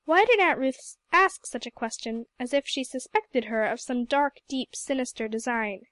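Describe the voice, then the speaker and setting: A woman narrating a novel in a gentle, even storybook reading. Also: high-pitched, moderate pace, no echo. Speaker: audiobook reader. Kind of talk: scripted narration.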